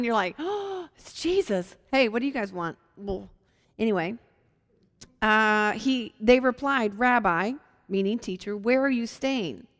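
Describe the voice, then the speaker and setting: Animated woman teaching, echoing hall. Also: a little high. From Hampton, Virginia. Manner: animated, acts out quotes in lively voices. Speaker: Bible teacher. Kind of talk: casual Bible teaching.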